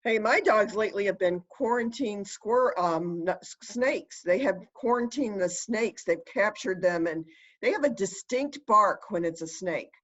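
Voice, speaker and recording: A woman's voice: mid-range voice, expressive, a little slow, a bit bright. Chatty mother on a dull line. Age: middle-aged. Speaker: guest, the host's mother. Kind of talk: casual chat.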